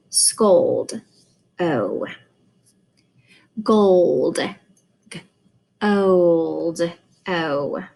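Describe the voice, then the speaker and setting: Slow, deliberate woman teaching phonics. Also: on the low side, husky, rough recording. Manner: slow, deliberate, sounds out vowels. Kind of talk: phonics lesson.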